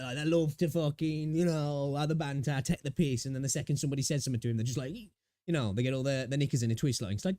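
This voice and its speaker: Brief: male streamer, quick rambling banter, dry close-mic sound. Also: mid-range voice, dark tone, dry recording. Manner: rambling and sweary, many fillers. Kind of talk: casual live-stream chat.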